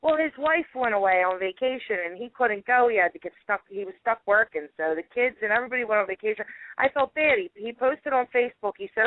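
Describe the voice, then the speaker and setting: A woman's voice: fairly high pitch, expressive, quick pace. A woman is talking over a thin, tinny phone line in a chatty, storytelling way. She laughs often as she talks. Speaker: guest. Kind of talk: casual phone interview.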